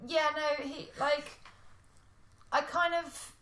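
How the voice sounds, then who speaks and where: A woman's voice: sits high, flat delivery, slow pace, fairly bright tone. A woman chatting casually about films as a podcast co-host, thinking aloud and apologising for rambling. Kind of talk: casual film chat. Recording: echoey room.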